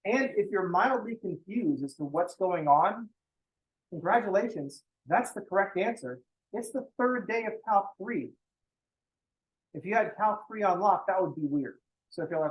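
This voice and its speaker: A man's voice: high voice, lively intonation, normal speed, husky, muffled recording. A young man teaching a college math class in a casual, blunt way, swearing freely and making joking asides to his students. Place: classroom, also streamed online.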